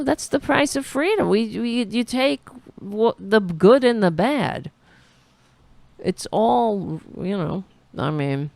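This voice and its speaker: A woman's voice: on the low side, gravelly, no echo. A woman hosting a political talk show, giving sarcastic, rambling live commentary on a speech.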